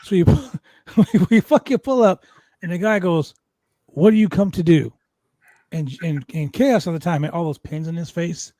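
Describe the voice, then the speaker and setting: A man hosting a wrestling podcast, telling a road story with heavy swearing and lively energy. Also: fairly high pitch, normal speed, no echo. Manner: animated, profane storyteller. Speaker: podcast host.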